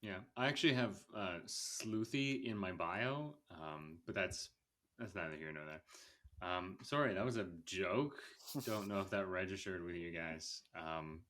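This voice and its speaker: A man's voice: a little slow, a bit bright. Laughing, rambling male podcast host. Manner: rambling, laughs often, mimics lines in a higher voice. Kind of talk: casual chat about movies.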